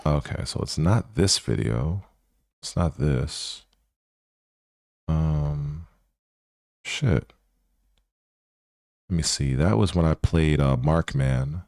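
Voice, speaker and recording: A man with an extremely deep, gravelly voice mumbles slowly as he searches through old videos. The recording is close and dry, with no room sound. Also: animated, a little mellow, no room sound. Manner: slow, mumbling, searching aloud. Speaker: channel host. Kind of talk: casual vlog commentary.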